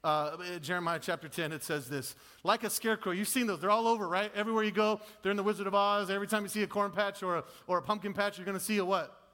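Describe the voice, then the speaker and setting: A man in his thirties preaching a sermon, swinging between loud, high bursts and low, quiet asides. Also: fast, hardly any pauses. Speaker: pastor.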